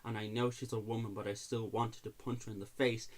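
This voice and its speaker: A man's voice: on the low side, flat delivery, fairly quick, background noise. A man reviewing films in an exasperated, sarcastic rant, swearing freely. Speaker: movie reviewer. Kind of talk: ranting movie review.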